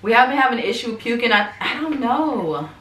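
Chatty mom vlogger in a roomy room. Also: female voice, fairly high pitch, lively intonation, brisk, a bit bright, slight background noise. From United States. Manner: chatty, talks to baby between remarks. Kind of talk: casual vlog update. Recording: roomy, somewhat distant mic, faint ambience.

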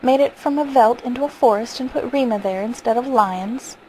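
A woman's voice: fairly high pitch, moderate pace, warm tone, a little hiss or hum, lightly acted, poor audio. A woman reading the part of an anxious mother, speaking in an uneasy, questioning way.

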